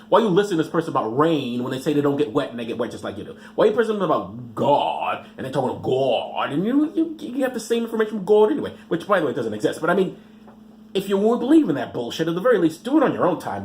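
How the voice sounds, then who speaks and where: A man's voice: fairly high pitch, a little mellow, a little hiss or hum. Sarcastic rambling male host. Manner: sarcastic, rambling, trips over words. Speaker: podcast host. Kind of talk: reading news with sarcastic commentary.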